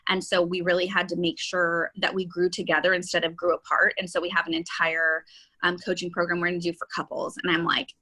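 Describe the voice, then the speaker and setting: A woman's voice: fairly low pitch, monotone, a little fast, pushed and bright, breathy edge, poor audio. A woman real estate agent and coach giving an enthusiastic, chatty webinar talk with many fillers.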